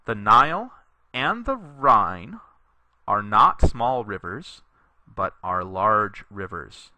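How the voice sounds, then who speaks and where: Guy teaching latin, slow careful reading, super bright voice, lowish pitch, dry close sound. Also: sing-song, dry recording, lo-fi sound. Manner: slow, deliberate reading aloud for learners to repeat; explanatory, patient, with fillers. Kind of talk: recorded classroom tutorial.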